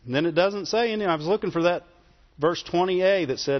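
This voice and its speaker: High-voiced man preaching in echoing hall. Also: brisk. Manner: animated, asks the congregation questions. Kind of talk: sermon. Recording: dull sound with long hall reverb.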